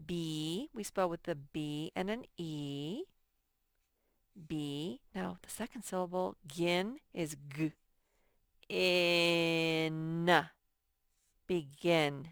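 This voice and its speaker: A woman teacher leading a first-grade spelling lesson, slowly sounding out each word syllable by syllable. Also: low voice, clear, resonant tone, dry recording, clean studio sound. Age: adult. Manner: slow, sounds out words syllable by syllable.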